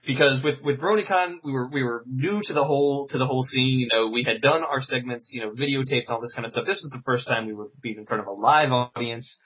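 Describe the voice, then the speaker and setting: Halting man, husky muffled voice. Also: mid-range voice. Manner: halting, many fillers and repeats. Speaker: podcast guest, convention interviewer. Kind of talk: casual chat.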